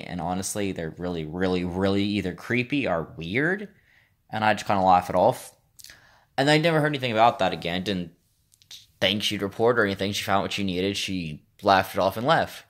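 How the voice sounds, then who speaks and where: A man's voice: sits low, a little fast. A man who works in a store, telling a story in a casual, bemused way. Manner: bemused, retelling an awkward encounter. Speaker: store worker.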